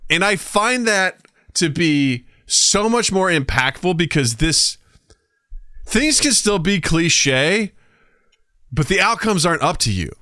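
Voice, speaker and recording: A man co-hosting a podcast in casual chat, telling stories with lively acted-out quotes. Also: sits high, takes it slowly, no echo, clean studio sound. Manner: animated storyteller, acts out quotes. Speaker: podcast co-host.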